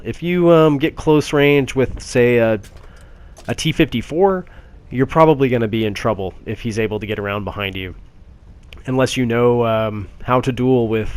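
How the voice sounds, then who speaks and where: A man giving casual gameplay commentary on a tank game, chatty with frequent fillers and restarts. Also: medium pitch.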